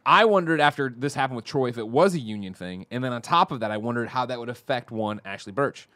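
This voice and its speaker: A man co-hosting a podcast in casual chat, talking in an animated, rambling way and correcting himself mid-sentence. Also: medium pitch, fast talker, no echo. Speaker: podcast co-host.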